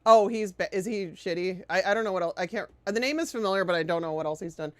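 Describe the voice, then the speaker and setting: A woman's voice: medium pitch, quick pace, dry recording. A woman streamer chatting casually while playing a game, sarcastic and prone to swearing. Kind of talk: casual chat while gaming.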